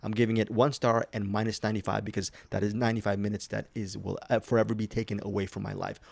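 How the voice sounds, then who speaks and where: A man's voice: fairly low pitch, flat delivery, fast talker, gravelly. Man hosting with playful mock outrage. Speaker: podcast host. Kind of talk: casual podcast chat.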